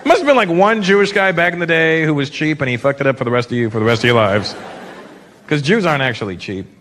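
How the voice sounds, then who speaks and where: A man performing a stand-up comedy set on stage, switching into shouted put-on voices for punchlines. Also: on the high side, lively intonation, fast. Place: large comedy venue with a laughing audience. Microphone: handheld stage mic. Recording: live stage recording with crowd noise.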